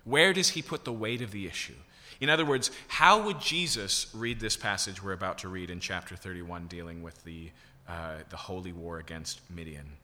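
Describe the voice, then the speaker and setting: A man's voice: low-pitched, moderate pace, hardly any pauses, bright, forceful tone. A man preaching a sermon, teaching in a conversational way and checking in with rhetorical questions. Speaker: pastor. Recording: reverberant hall.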